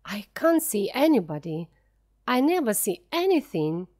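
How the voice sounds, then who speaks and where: A woman's voice: medium pitch, sing-song, unhurried, a little mellow. A woman voicing a sullen young girl who turns cold and rejecting in a simplified story reading. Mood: hostile.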